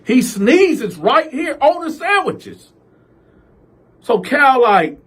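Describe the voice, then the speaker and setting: A man tells a casual story with lots of slang and animated delivery, voicing each character in turn. His voice sits high for a man and has a husky grain. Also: takes it slowly, pauses often. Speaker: storyteller host.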